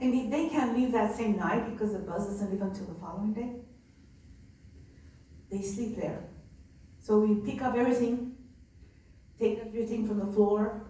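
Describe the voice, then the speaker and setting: A woman's voice: medium pitch, warm tone. A nun telling stories of her migrant respite center in an earnest, conversational way. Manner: earnest, conversational with many fillers. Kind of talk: personal storytelling. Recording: echoey room from far off, faint ambience.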